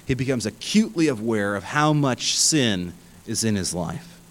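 A man preaching a sermon, emphatic and animated, often restarting his phrases. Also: fairly low pitch, normal speed, a little hiss or hum, low-quality recording. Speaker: pastor.

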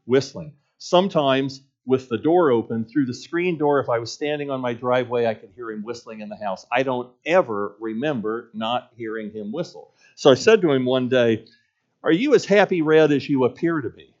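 A man's voice: medium pitch, moderate pace, hardly any pauses, darkish tone, muffled recording. A man preaching a sermon as a pastor, telling a story in an earnest voice and building points through repetition.

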